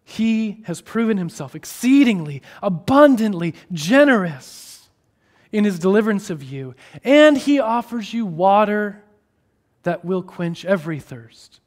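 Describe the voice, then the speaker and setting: A man preaching a sermon, moving between hushed, drawn-out phrases and raised, emphatic ones. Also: high voice. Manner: expressive, shifting between hushed and raised delivery.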